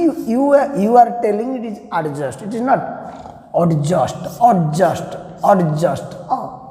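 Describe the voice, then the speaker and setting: A man's voice: high-pitched, darkish tone. A man with an Indian English accent teaching English pronunciation, repeating each word several times and asking his students questions. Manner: drills words by repeating them several times; addresses students directly with questions. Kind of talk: classroom-style lesson. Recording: echoey room with long reverb.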